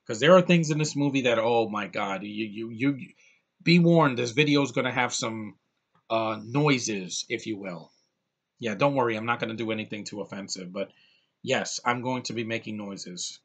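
A man talking straight to camera in a casual movie review vlog, excitable and gushing, rambling with stops and restarts. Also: mid-range voice, normal speed, slightly rough.

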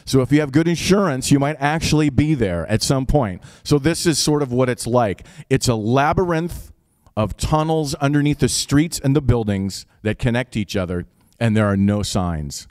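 A man's voice: mid-range voice, lively intonation, moderate pace, a little mellow, dry recording, clean studio sound. A man with an Upper Midwest accent telling a personal story live, in a casual, wry, profane way.

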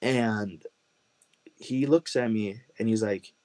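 Guest testimony: earnest man with a lowish voice, emotional, repeats himself for emphasis. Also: moderate pace, darkish tone. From Chicago, USA.

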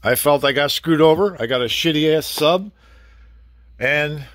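A man's voice: fairly high pitch, unhurried, a bit bright, no room sound, clean studio sound. A middle-aged man venting in a blunt, casual vlog rant, swearing freely and talking to the camera. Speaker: vlogger.

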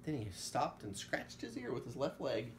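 A man reading a storybook aloud at home to a child, with animated storytelling and quick asides. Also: mid-range voice, slight background noise.

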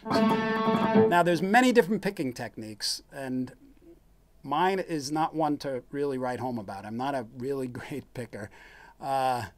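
A man hosts his own live stream, explaining guitar technique in a rambling, relaxed way full of fillers, restarts and chuckles while demonstrating as he goes. His voice is medium-pitched, his pace measured, with guitar playing in the background.

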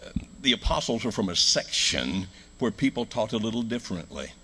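A deep-voiced American man preaches in a church, his tone slightly husky. He tells a story, climbing to loud emphatic lines and dropping to hushed, low ones. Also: sing-song, brisk. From United States. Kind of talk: sermon.

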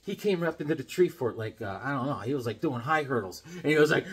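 A man's voice: medium pitch, lively intonation, quick pace, crowd noise. A middle-aged man chatting casually about comics he got, rambling with enthusiasm and acting out voices as he tells stories. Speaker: comic collector vlogger. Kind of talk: casual unboxing chat with stories.

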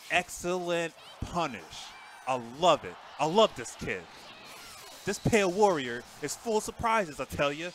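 At a measured pace, a chatty man provides casual, excited live commentary on a fighting game tournament. Loud outbursts alternate with muttered asides, and a slight hiss or hum sits in the recording.

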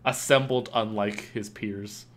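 A man's voice: fairly low pitch, fairly even intonation, a little slow, a bit bright. A young man chatting casually and joking on a live gaming stream. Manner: joking, laughs often.

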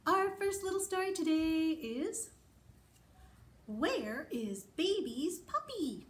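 A woman, a children's librarian, reading picture books to toddlers and singing rhymes in an animated, exaggerated sing-song. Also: very high-pitched, slow, a little hiss or hum. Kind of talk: toddler storytime with songs and rhymes.

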